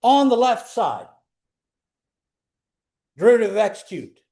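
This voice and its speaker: A calculus lecturer with a very high voice and vocal fry teaches a live class a little slowly. He's animated, walking students through each step and asking them questions along the way.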